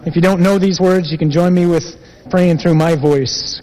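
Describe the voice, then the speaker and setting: A man, a priest, preaching a mission sermon and leading the congregation in prayer, stressing slow phrases. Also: high voice, steady tone, mellow. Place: large church. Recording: long church reverb.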